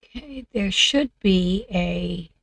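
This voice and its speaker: Woman, gravelly voice, slow unhurried speech, dry close sound, casual gameplay chatter, a bit of a cough. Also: medium pitch, lively intonation, fairly bright tone, no echo. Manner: muttering to herself while working. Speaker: video game creator.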